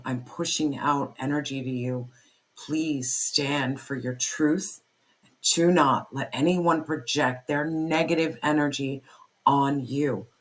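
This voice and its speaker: An intense tarot reader talks straight to the listener in a fiery pep-talk, hammering points home with repeated phrases and plenty of swearing. The pitch sits in a middle range, neither high nor low. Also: fairly bright tone. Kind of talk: spoken tarot reading to camera.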